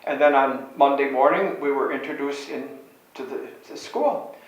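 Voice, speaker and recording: A man's voice: mid-range voice, normal speed, dull audio. Older guy, a priest from chicago, rambling through old stories, mic far off, big echo. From Chicago, USA. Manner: meandering, self-correcting storyteller. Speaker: Catholic priest. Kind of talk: reminiscing anecdotes. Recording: very echoey room, distant mic.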